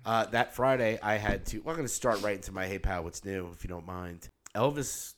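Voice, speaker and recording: A middle-aged man with a somewhat low voice, co-hosting a podcast. He talks in a loose, rambling way and swears freely. He sounds tired. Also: a little fast. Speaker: podcast co-host. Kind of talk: casual chat.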